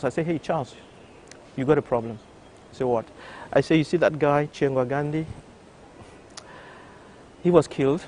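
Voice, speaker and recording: An older man, a doctor from Cameroon, telling an interviewer his story, animated and full of restarts. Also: medium pitch, a little hiss or hum. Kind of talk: recounting a personal story. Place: television studio.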